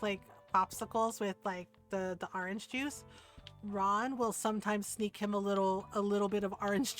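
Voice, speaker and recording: A woman streamer chatting casually while gaming, laughing often and swearing lightly. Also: mid-range voice.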